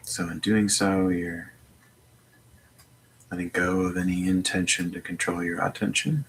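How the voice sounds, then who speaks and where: Slow, low, gravelly meditation guide. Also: male voice. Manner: slow, gentle, with long pauses. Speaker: meditation teacher. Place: home.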